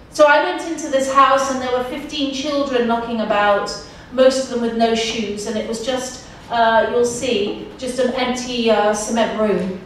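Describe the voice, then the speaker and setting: Heard distantly in an echoey university lecture hall with a faint hum in the air, a guest speaker from England shares her personal story with a student audience. She's in her forties, her voice sits a little high, and she tells it as a story, repeating key points for emphasis.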